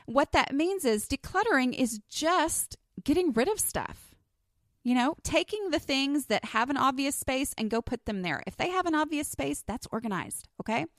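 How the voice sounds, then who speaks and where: A woman's voice: high voice, expressive, normal speed, no room sound, clean studio sound. A woman with a Texas accent hosting her own podcast, talking candidly and casually with frequent fillers. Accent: Texan. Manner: candid, chatty, with many fillers. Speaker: podcast host. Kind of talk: solo podcast talk.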